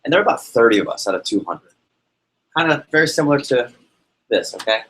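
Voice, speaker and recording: Energetic man leading a sales workshop. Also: medium pitch, quick pace, rough recording. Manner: energetic, storytelling, asks the audience questions. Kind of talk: live motivational workshop talk.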